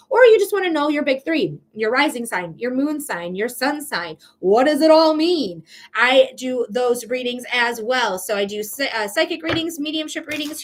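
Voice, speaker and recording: A woman's voice: high-pitched, a little hiss or hum. A woman hosting a live psychic reading stream, chatting casually and listing her services with rising questions. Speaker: psychic reader and livestream host. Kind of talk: casual livestream talk.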